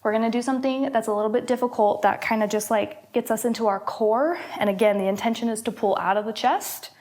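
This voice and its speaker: A young woman, a health coach, guiding listeners through a calming movement exercise, encouraging, laughing often and exhaling between cues. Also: a little high, fast. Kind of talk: guided movement instruction.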